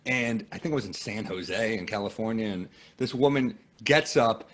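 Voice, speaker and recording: A man's voice: fairly low pitch, normal speed. A man from the United States with an American accent, a comedian guesting on a podcast and telling self-deprecating anecdotes. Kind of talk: casual interview chat.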